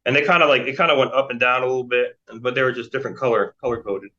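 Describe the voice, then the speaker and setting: American man in his 40s, rambling, fillers, bright tone, dull lo-fi recording. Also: mid-range voice, steady tone, rapid-fire. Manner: rambling, many fillers and restarts. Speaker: interview guest. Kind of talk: casual storytelling. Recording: dull lo-fi sound.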